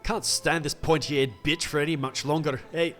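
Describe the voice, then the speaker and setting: A man's voice: on the high side, steady tone, moderate pace, fairly bright tone, faint music behind, voice pushed up, lightly acted. A man voicing a blunt, impatient male dwarf lord who swears and bellows for ale in a tabletop game. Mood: boisterous. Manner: gruff, swearing, boisterous.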